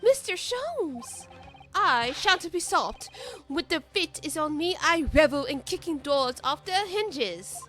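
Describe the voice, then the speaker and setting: A woman voicing a boastful, eccentric gentleman detective in a game, theatrical and loud in manner. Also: high voice, sing-song, takes it slowly, soft background music, pitched above the performer's own voice, heavily acted. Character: pompous eccentric man, grandiose celebrity detective. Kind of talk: reading game dialogue aloud.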